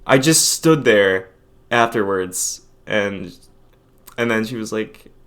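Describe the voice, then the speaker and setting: Young male vlogger, low voice, halting and self-deprecating, casual confessional delivery. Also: animated, fairly bright tone. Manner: hesitant, rambling, self-deprecating.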